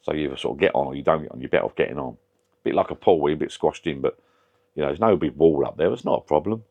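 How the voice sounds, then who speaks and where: Deep-voiced bloke rambling on in his shed pub, swears a bit, chatty vlog. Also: very fast, vocal fry, darkish tone, muffled recording. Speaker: vlogger. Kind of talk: casual chat.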